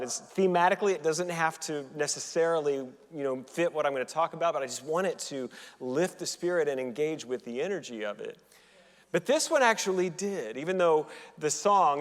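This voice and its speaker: A man's voice: on the high side, in a large hall. A male minister giving a conversational, joking sermon, often restarting his sentences. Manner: chatty, joking, with frequent restarts. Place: church sanctuary.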